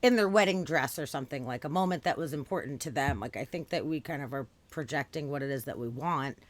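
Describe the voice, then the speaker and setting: A woman's voice: extremely low pitch, quick pace. A woman hosting a podcast, musing thoughtfully in casual conversation with her guest. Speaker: podcast host.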